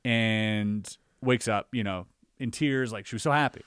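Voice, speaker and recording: A man in a casual podcast conversation, telling a personal story in an animated way, acting out his own reactions with lots of filler words. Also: fairly low pitch, unhurried, clean tone, no echo, studio quality. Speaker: podcast guest or co-host.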